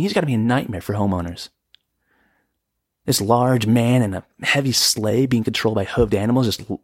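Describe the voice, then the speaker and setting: A young man hosting a podcast, ranting in exasperation and jumping into sudden high-pitched outbursts. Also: slightly rough, no echo, studio quality. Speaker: podcast host. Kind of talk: comedic solo podcast rant. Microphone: podcast microphone.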